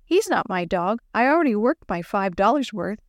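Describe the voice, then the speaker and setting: A woman voicing an eager young schoolgirl in a children's story, a little higher and bright. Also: sing-song, normal speed, no echo, studio quality.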